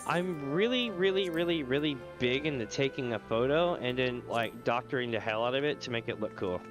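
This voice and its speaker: Over music, a male streamer with a stuffy nose and a brisk, mid-range voice chats casually on a live game stream. He rambles, swears freely, and laughs often.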